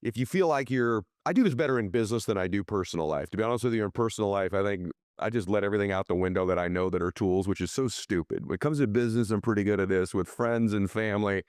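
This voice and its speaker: A podcast host, a man with a rather low voice, asks long, candid questions and turns to his audience with eager praise. The sound is close and dry, with no room around it. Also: fast talker, a little mellow, smooth, no echo. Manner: enthusiastic, candid, talks to listeners directly. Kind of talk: interview questions and commentary.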